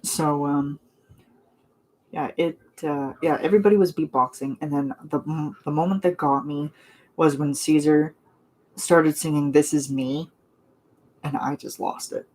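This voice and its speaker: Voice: medium pitch, steady tone, measured pace, long pauses, a little mellow. A non-binary young adult streamer talks casually with viewers in a mid-range voice. They gush, ramble and fill gaps with little laughs and "um"s. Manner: gushing, chatty, rambling with fillers and laughs. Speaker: vlogger chatting with viewers. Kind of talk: casual live chat.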